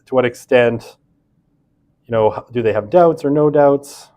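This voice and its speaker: A man's voice: medium pitch, measured pace, warm tone. A man giving a casual university lecture, chatty, full of fillers and self-deprecating asides.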